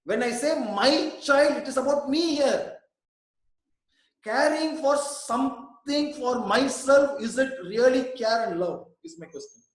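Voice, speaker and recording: A man's voice: very high voice, unhurried. A man leading a reflective group discussion on an online call, posing probing questions and repeating words for emphasis. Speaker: mindfulness centre founder leading discussion. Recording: heavy echo on an online call.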